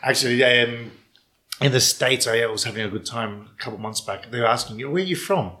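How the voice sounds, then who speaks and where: Animated Australian man telling stories. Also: mid-range voice, fairly quick. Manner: animated storyteller, laughs often, acts out quoted voices. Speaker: podcast host. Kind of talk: casual interview chat.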